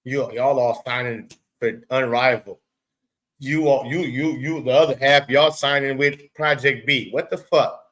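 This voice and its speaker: A man's voice: medium pitch, steady tone, unhurried, fairly bright tone, poor audio. A man hosting his own show, giving a profane, emphatic commentary rant and talking straight at the person he is discussing. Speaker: show host.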